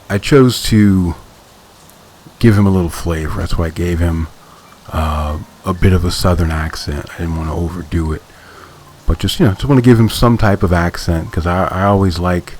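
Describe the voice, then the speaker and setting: A man's voice: deep voice, a little mellow. A man hosting a podcast, casually breaking down a comic in a thoughtful way, with lots of fillers and restarted phrases. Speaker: podcast host. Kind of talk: casual comic-book analysis.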